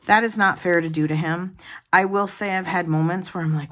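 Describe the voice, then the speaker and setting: A woman's voice: fairly low pitch, steady tone, a little fast, a bit bright. A woman vlogger chatting casually to her viewers, rambling along with many restarts and asides. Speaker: planner vlogger.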